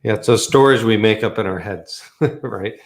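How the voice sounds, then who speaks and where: A man's voice: on the low side, normal speed. A man hosting a podcast interview, adding brief words of agreement. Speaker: podcast host.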